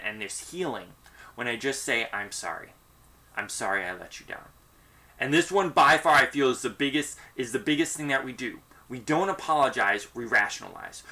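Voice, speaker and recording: A man's voice: fairly high pitch, sharp tone. A man, a pastor leading a church discussion group, giving an earnest, conversational teaching talk and acting out sample apologies. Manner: earnest, conversational, acts out sample apologies, frequent "you know".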